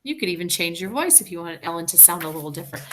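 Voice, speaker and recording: A woman teacher leading a reading lesson for young children, talking slowly and clearly in an encouraging way. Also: on the low side, lively intonation, a bit bright, slight background noise. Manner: slow, clear and encouraging, sounding out words.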